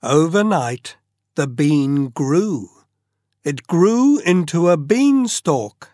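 A storyteller reading a fairy tale aloud at a very slow, deliberate pace. The pitch rises and falls with great expression. The recording is close and dry. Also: lively intonation, darkish tone, dry recording.

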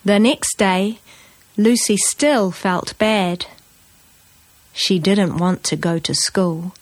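Slow, clear woman reading a children's book. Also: mid-range voice, no echo. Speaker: narrator.

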